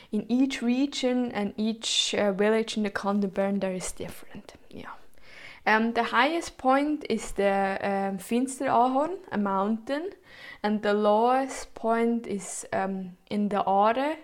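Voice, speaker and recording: Young woman, Swiss German accent, unhurried delivery, hesitant with many ums, informal presentation. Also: mid-range voice. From Switzerland.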